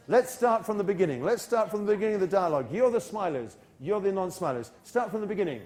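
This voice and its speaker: A British man leading an English-teaching workshop in a university hall, animated and self-correcting as he drills a large audience with quick asides. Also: high-pitched.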